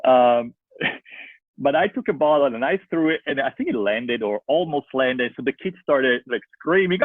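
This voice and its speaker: Man, youth coach and filmmaker, rambling animated storyteller, husky, thin phone-like sound. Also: mid-range voice, normal speed, no room sound. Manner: animated, rambling anecdotes with many fillers. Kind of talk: casual storytelling in a video-call interview. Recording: tinny phone-like line, dry.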